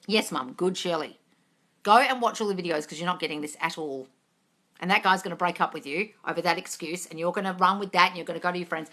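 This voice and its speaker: A woman answering viewers' questions on a live stream, blunt and sweary, scolding her viewers and swinging from low mutters to loud yelling. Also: quick pace. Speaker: manifesting coach answering live chat questions. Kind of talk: blunt livestream Q&A.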